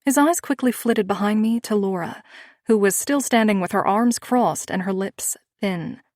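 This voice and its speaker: With a medium-pitched voice, this audiobook narrator performs a scripted first-person romance in a steady, expressive manner. It's a dry, close recording with no room sound.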